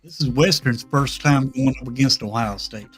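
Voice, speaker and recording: A man's voice: medium pitch, moderate pace, faint music behind. A man joining a casual stream chat, mostly making short, laid-back remarks. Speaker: caller.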